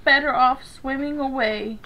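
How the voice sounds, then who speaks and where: A woman voicing a small, lonely male duckling in a read-aloud storybook, soft, sad and timid. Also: sits high, a little slow, background noise.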